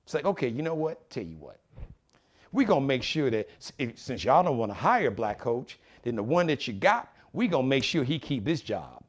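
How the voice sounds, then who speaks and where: A man hosting his own live show, talking with animated, preachy conviction and acting out other people's voices. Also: mid-range voice, a little fast. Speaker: show host.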